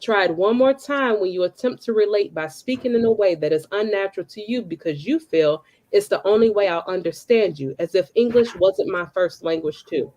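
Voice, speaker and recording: A woman from Chicago performs her spoken word poetry in an interview. Her delivery is rhythmic and emphatic, her voice sitting at an ordinary middle pitch. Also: brisk, hardly any pauses. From Southside of Chicago. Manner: relaxed, casual talk with fillers when chatting. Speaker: poet.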